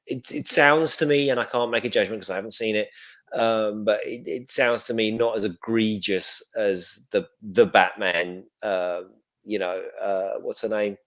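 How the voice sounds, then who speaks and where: A man co-hosting a casual pop culture chat, talking hesitantly and repeating words as he goes. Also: lowish voice. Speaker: co-host.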